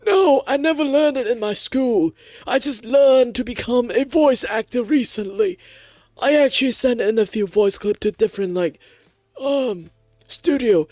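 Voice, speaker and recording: A streamer from Malaysia putting on the voice of an old-fashioned 1950s radio announcer, an old man, with loud, drawn-out, theatrical delivery. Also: mid-range voice, no echo, voice pushed up, lightly acted. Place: home streaming setup.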